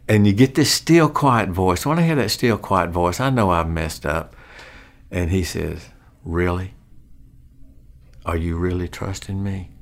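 An older man speaks in a low, deep voice at an unhurried pace. He shares a personal faith testimony in an earnest, reflective way. As he goes on, his voice turns soft and quiet. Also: vocal fry. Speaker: funeral home worker.

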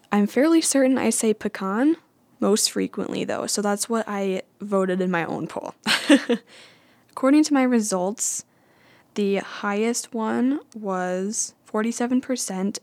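Chatty woman with vocal fry. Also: mid-range voice, a little mellow, no echo. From United States. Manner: chatty, playful and self-mocking. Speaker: vlogger. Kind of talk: casual chat.

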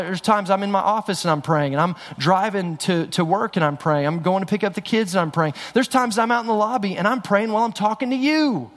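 A middle-aged man preaching a sermon in a church, talking conversationally with frequent restarts. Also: high voice. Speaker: pastor. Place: church sanctuary. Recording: long hall reverb.

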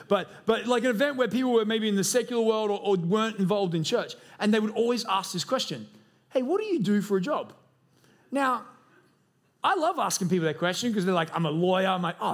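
A man's voice: high-pitched, a bit bright. A man in his thirties preaching a sermon as lead pastor, earnest and conversational, telling stories from his own life. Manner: earnest and conversational, with storytelling asides. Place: church auditorium.

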